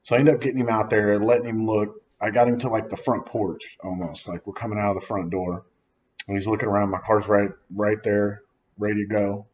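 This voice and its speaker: A man telling a personal story in casual slangy speech, acting out quoted lines with sudden loud outbursts. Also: fairly low pitch, level tone, a little fast, muffled recording, slight background noise.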